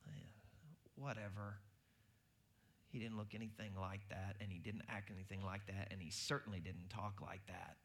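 A man's voice: low-pitched, normal speed. A man preaching a sermon, telling everyday stories and acting out the voices in them. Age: adult with a baby due. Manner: animated storytelling, acting out quoted voices. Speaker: pastor.

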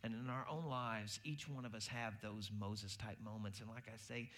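A man's voice: on the low side, normal speed. A man preaching a sermon, telling everyday stories and acting out the voices in them. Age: adult with a baby due. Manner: animated storytelling, acting out quoted voices. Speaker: pastor.

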